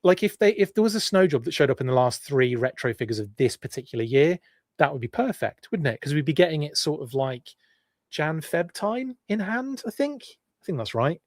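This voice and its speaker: A man's voice: a little high, very animated, brisk, a little mellow, no room sound, studio quality. A well-spoken English man hosting a live stream in a rambling, chatty way, reading out viewer comments and going off on asides. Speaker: podcast host.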